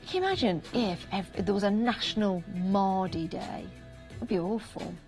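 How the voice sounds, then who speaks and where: A woman's voice: medium pitch, moderate pace, darkish tone, faint music behind. Chatty English Midlands woman selling on air. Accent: English Midlands or Northern. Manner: chatty, upbeat, repeats prices and counts for emphasis. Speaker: shopping channel presenter. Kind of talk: live TV product selling. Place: TV studio.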